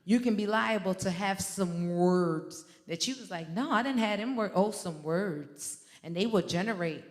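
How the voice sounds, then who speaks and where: A woman minister delivers a sermon with fervent, conversational energy, slipping into stories and talking straight to her listeners. Her voice sits at a middle pitch and carries a long hall reverb. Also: moderate pace. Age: adult with a teenage son. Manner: fervent, conversational preaching with story asides.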